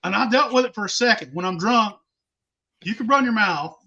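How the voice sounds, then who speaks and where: A man's voice: high voice, animated, fairly quick, bright, forceful tone, muffled recording. A man, telling a rowdy, profane story in casual talk and laughing as he goes. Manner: rowdy, swears constantly, laughs mid-story. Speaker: podcast host telling stories.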